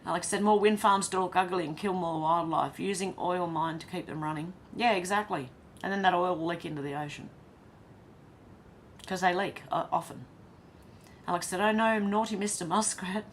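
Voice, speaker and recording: A woman's voice: fairly low pitch, moderate pace, a little hiss or hum. Chatty Australian woman reading live chat. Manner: chatty, reads comments aloud and reacts with laughs. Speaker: livestream host reading chat.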